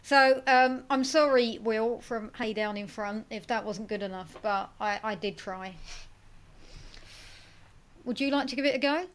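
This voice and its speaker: A woman's voice: a little high, measured pace. A woman co-hosting a casual film podcast, chatty and self-mocking as she reads out listener comments. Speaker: podcast co-host.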